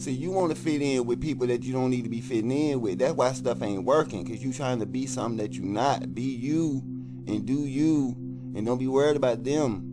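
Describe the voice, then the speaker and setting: A man's voice: mid-range voice, fairly quick, over music. A man hosting a reaction video, giving slangy, emphatic advice in casual commentary.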